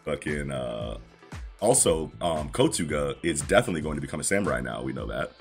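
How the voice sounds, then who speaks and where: A man's voice: rumbling low, sing-song, brisk, creaky, faint music behind. A man casually chatting about manga on a podcast, laid-back and full of fillers and swearing.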